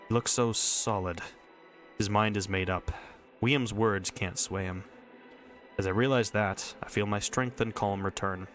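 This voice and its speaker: A stubborn, furious young girl narrates her racing thoughts, read in a man's low voice. The inner monologue in this visual novel reading is intense and driven. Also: fairly bright tone. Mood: calming.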